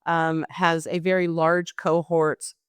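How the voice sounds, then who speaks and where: A woman hosting a political talk show, speaking in a measured, deliberate way. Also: sits low, level tone, smooth, dry recording. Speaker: host.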